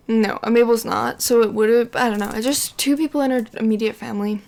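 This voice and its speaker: Woman, casual game commentator, rambling and chatty with lots of fillers, fairly high voice. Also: fairly even intonation, brisk, gravelly, hardly any pauses, a little mellow. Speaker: gameplay commentator.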